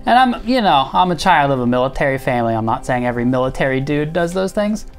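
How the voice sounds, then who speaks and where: A man's voice: mid-range voice, big pitch swings, fast talker, soft background music. A man hosting a comedy show, ranting sarcastically and rambling while he gets his makeup done. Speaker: host.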